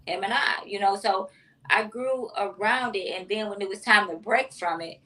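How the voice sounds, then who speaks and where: A woman's voice: medium pitch, moderate pace, sharp tone, far from the mic, poor audio. A woman, a mother, speaking heartfelt and emotional as an interview guest. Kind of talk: interview chat.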